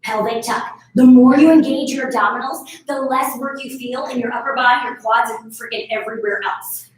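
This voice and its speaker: A woman's voice: fairly high pitch, fairly even intonation, moderate pace. A woman in her thirties leading a live barre workout class, chatty and encouraging, laughing often. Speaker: fitness instructor. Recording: echoey room, far from mic.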